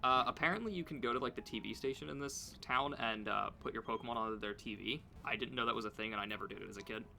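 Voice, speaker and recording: A man's voice: medium pitch, quick pace, vocal fry, few pauses, pushed and bright, faint music behind. A young man streaming a video game, chatting casually and rambling with many fillers. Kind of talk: casual gameplay commentary.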